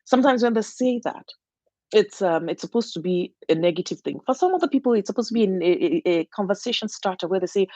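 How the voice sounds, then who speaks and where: A woman speaks in an earnest, encouraging way, giving an inspirational talk and often restarting her sentences. Her voice is husky and a little breathy. The recording is dry and close, with a dull, muffled lo-fi sound. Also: medium pitch, expressive, fast, warm tone, dry recording. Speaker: motivational speaker.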